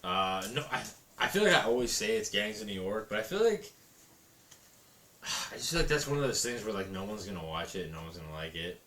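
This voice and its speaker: A man in his thirties in casual chat, excitable and swearing, acting out scenes from films he loves. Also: on the low side, brisk, reverberant. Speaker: co-host.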